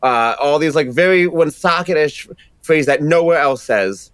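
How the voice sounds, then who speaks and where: A man's voice: a little high, expressive, moderate pace, a bit bright, clear, resonant tone, no room sound. A man with a Rhode Island accent, a sound engineer guest chatting energetically and rambling with many restarts. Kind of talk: casual chat.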